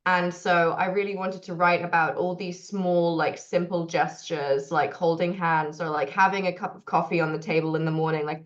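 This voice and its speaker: Young Englishwoman, chatty, lowish voice. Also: highs cut off. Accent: English mixed with American. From England. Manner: chatty, laughs easily. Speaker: singer-songwriter guest. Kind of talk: casual interview chat.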